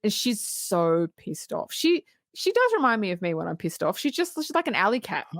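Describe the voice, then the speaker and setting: A woman co-hosts a film podcast, walking through a movie scene by scene. She slips into the characters' lines as she tells it, in a middle-pitched voice recorded close and dry. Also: normal speed, dry recording. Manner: animated storytelling, acting out quoted lines, frequent laughs and swearing. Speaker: podcast co-host. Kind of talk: casual film recap.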